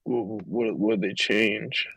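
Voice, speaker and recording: Man tabletop player with a low, gravelly voice; casual and halting, close dry mic. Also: steady tone, fairly bright tone, no room sound. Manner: halting, laughing, with sudden blustering threats in character.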